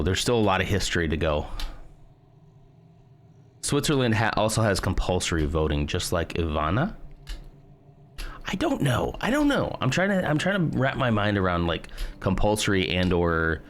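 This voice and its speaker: An American man streaming a video game, chatting casually with viewers and thinking out loud in a hesitant, musing way. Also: sits low. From United States. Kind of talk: casual live-stream chat while gaming.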